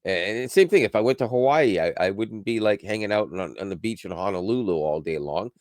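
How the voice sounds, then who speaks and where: A man's voice: fairly low pitch, animated, brisk, darkish tone, dry recording, clean studio sound. A man co-hosting a podcast, chatting casually in a rambling way with frequent restarts and laughs. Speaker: podcast co-host. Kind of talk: casual chat.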